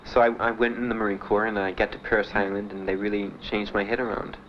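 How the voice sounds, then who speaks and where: A man being interviewed about his time in the service, telling his story in a halting, plainspoken way with many fillers. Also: lowish voice, flat delivery. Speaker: veteran interviewee. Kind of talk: documentary interview. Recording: dull archival recording with faint hiss.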